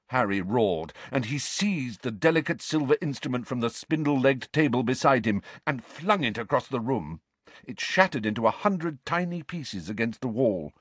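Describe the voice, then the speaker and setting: Lively, expressive male audiobook narrator. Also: medium pitch, no room sound. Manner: dramatic, varied delivery.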